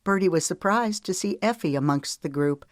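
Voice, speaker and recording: An audiobook narrator reading a romance novel in an even, gentle storytelling manner. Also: medium pitch, normal speed, dry recording, studio quality. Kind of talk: scripted narration.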